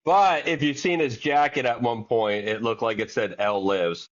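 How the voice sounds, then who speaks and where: A man with a medium-pitched voice speaks at a moderate pace, co-hosting a podcast in relaxed conversation. He's laid-back and agreeable, mostly offering short replies, and the audio is dull and lo-fi.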